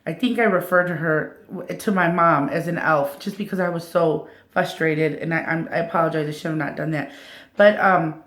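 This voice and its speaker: A woman's voice: sits low, steady tone, moderate pace, a bit bright. A woman in her thirties telling a story to camera in a casual vlog, retelling conversations and acting out what others said. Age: 30s. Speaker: vlogger. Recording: echoey room.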